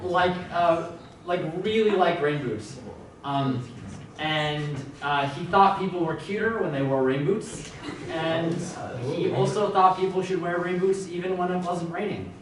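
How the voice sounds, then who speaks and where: A man's voice: high voice, a little slow. A young man telling a comic monologue about a friend, hesitant and laughing at himself. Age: young adult. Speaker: improv performer. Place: stage in a university hall. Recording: echoey hall from far off with noise.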